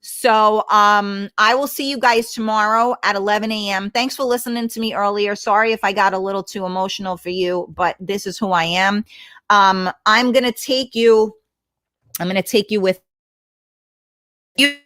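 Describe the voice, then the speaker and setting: Speaking at a normal speed in a steady, fairly bright mid-range voice, this livestream host talks casually from home on her laptop mic. She reads out comments and answers viewers bluntly, cursing freely.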